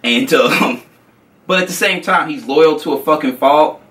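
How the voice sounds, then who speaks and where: Animated, swearing male storyteller, bright voice, a bit far from the mic. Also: fairly high pitch, measured pace. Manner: animated, profane, acts out quotes. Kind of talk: casual storytelling.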